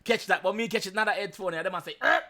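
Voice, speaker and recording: A man's voice: high-pitched, rapid-fire, bright, forceful tone. A Jamaican man hosting a reaction video, chatting casually in patois and chuckling often.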